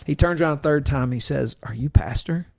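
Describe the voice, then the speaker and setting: Gravelly-voiced pastor telling stories. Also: male voice, on the high side, brisk, no room sound, studio quality. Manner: lively storyteller who acts out the voices in his stories. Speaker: pastor, podcast guest. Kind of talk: casual storytelling chat.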